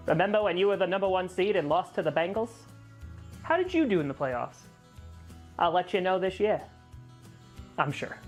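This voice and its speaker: A man's voice: high-pitched, natural voice. Brief: man playing a mocking rival football fan, trash talk, faint music bed. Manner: taunting, mocking banter. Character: trash-talking grown male football fans. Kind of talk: comedy sketch acting.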